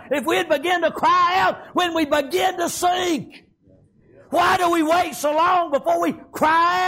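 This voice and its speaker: Shouting high-voiced preacher. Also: male voice. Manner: fervent, shouting, with a constant "amen". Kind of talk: sermon.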